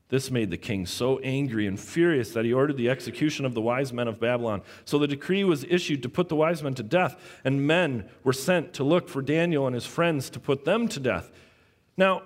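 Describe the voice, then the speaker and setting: A man preaching a sermon, telling a personal story with animated quoted voices. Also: on the high side. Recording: long hall reverb.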